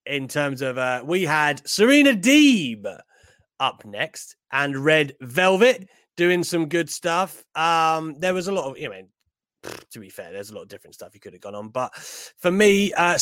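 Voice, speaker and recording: A man co-hosting a casual wrestling chat, animated and jokey, with bursts of mock indignation. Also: a little high, no echo. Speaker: podcast co-host.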